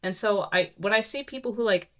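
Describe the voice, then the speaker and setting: A woman guest on a podcast in casual chat, telling animated stories with laughs and quoted lines. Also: medium pitch, fairly quick. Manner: animated storytelling, laughing, quoting people.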